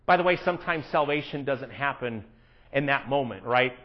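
A man preaching a sermon in church, animated, swinging between hushed asides and loud emphatic lines. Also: mid-range voice, moderate pace, dull audio. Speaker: pastor.

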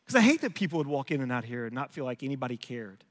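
A man's voice: medium pitch, big pitch swings, very fast. A man in his forties preaching a sermon as a pastor, telling stories about himself in a conversational, self-deprecating way. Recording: long hall reverb.

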